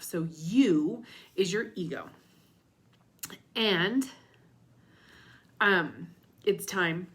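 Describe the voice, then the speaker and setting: A woman coaching listeners in a casual motivational talk, candid and a little profane, sometimes dropping to a whisper for emphasis. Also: fairly low pitch. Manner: candid, casual, mild swearing, drops into whispers. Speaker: self-help coach.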